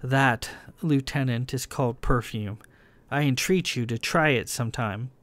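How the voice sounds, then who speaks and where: Composed woman marine officer, formal and cool, low-key and steady, voiced by a man, dry sound. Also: unhurried, no room sound, close to an everyday voice. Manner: formal and proper, unflinching.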